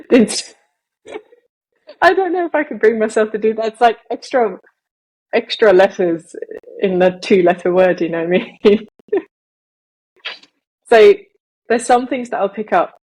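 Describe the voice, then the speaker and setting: A woman's voice: mid-range voice, lively intonation, unhurried, long pauses, a little mellow, slightly rough, low-quality recording. A young woman with a British accent chatting on a podcast, rambling and hesitant with many fillers and restarts. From Malaysia. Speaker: podcast co-host. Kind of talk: casual podcast chat.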